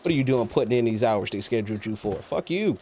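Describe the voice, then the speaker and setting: A man's voice: on the low side, fairly even intonation, racing, dark tone, slight background noise. A man streaming a video game, chatting casually with a friend, teasing and swearing. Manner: teasing, profane, laughs often. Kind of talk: casual gaming chat.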